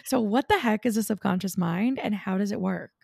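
A woman's voice: medium pitch, a little fast, vocal fry, a little mellow, no echo, clean studio sound. A woman from France hosting a podcast, chatting casually and emphatically with lots of fillers. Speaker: podcast host. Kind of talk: casual interview chat.

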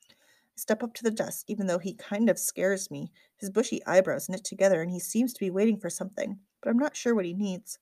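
A woman narrating a first-person audiobook with a lively, wry storytelling manner. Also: medium pitch, a little fast, dry recording.

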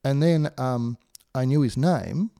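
A man, co-hosting a podcast and telling animated stories with laughs. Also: measured pace, gravelly, dry recording, studio quality. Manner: animated, laughing storyteller, pitch jumps when excited. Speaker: podcast co-host. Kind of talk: casual chat, anecdote.

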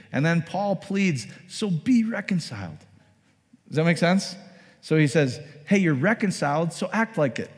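A man preaching a sermon in a conversational, storytelling way, acting out little scenes as he goes. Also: fairly high pitch. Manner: conversational, animated storytelling with acted-out asides. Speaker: pastor. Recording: echoey hall.

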